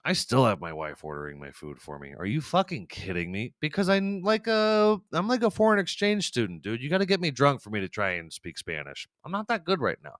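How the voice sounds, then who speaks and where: A man's voice: medium pitch, sing-song, fairly quick, few pauses, fairly bright tone, dry recording, clean studio sound. A man hosting a podcast, delivering a rambling, profane, sarcastic comedic rant. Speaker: podcast host. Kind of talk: comedic ranting monologue.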